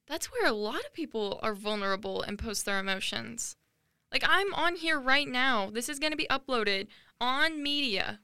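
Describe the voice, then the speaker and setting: Earnest young woman, bright crisp voice. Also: fairly high pitch, dry recording, studio quality. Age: late teens. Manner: earnest, emotional, rambling with many "like"s. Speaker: podcast host. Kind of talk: personal monologue.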